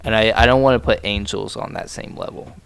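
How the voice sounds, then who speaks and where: A man's voice: on the low side, steady tone, brisk, creaky, a bit bright, clean tone, dry recording, faint music behind. A young man from Ohio co-hosting a podcast, talking in a laid-back, rambling way full of slang and "like" and "dude". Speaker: podcast co-host. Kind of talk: casual chat.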